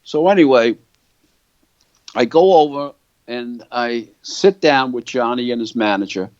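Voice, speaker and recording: A man's voice: medium pitch, a little slow, a little mellow, dry recording. Older man telling rambling stories, muffled dry sound. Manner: rambling storyteller, keeps checking in with "right?" and "you know". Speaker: guitar company founder, interview guest. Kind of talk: anecdotal storytelling interview.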